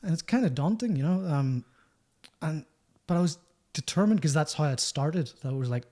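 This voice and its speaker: A man's voice: a little high, lively intonation, normal speed, a little mellow. A man, a musician telling rambling, self-mocking stories as a podcast guest. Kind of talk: storytelling podcast chat.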